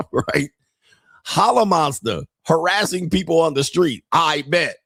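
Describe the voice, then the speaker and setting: A man's voice: on the high side, takes it slowly, creaky, fairly bright tone, no echo. A man streaming reaction commentary on street pickup videos, blunt and profane, laughing often as he mocks what he watches, speaking.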